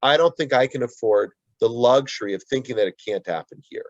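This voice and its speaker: A man's voice: medium pitch, a little fast, dry recording, lo-fi sound. Earnest man answering at length, dry sound. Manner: earnest, with frequent restarts and asides. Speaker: guest author. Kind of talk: earnest conversational interview answer.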